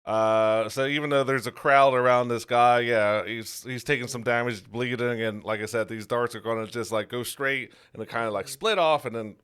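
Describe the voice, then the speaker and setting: A man's voice: mid-range voice, steady tone, moderate pace, hardly any pauses, a bit bright, clean tone. A man playing a tabletop game, animatedly describing his character's attacks and adding sound effects. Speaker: player.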